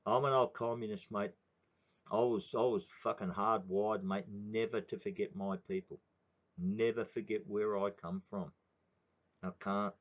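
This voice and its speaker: A man's voice: on the low side, steady tone, a little slow. A man in his sixties with an Australian accent, ranting in a heated, swearing monologue. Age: 60s. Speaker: political commentator. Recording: dull lo-fi recording.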